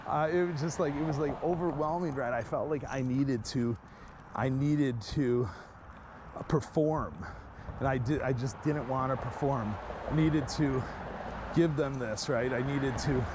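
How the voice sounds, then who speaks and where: A man in casual chat, rambling through a story and laughing as he goes. His voice sits in a middle pitch, and a faint hum of background noise runs under it. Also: normal speed. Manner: rambling, acts out what others said, laughs often. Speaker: guest storyteller.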